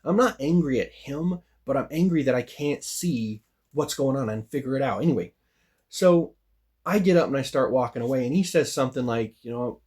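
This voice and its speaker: A man's voice: medium pitch, moderate pace, darkish tone. A man telling a personal story in a casual vlog, rambling with lots of "you know" and "like" and voice jumps up when he gets worked up. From United States. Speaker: vlogger.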